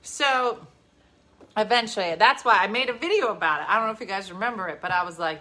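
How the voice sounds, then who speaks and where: A woman's voice: medium pitch, lively intonation, quick pace, bright, forceful tone. A woman, chatting casually and teasingly on a live stream from home, laughing often. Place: home at night. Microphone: phone camera.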